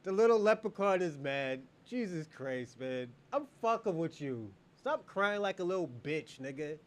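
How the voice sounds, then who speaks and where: Male livestream host with a high voice; taunting banter with chat, crude and laughing. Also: animated, moderate pace. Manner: mocking and taunting, laughs often, heavy profanity. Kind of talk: casual livestream banter with viewers.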